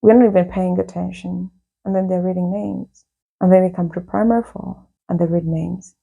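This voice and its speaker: A young woman casually telling a lively personal story from her school days, laughing and acting out what people said. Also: on the low side, moderate pace, gravelly, husky, narrow, tinny audio. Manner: lively, laughing, acts out quotes.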